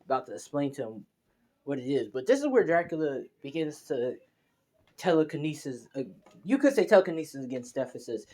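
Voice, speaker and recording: A man's voice: fairly high pitch, sing-song, brisk, dark tone. A young man narrating a fan story casually, in a rambling, slangy way. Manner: rambling, slangy, many fillers and restarts.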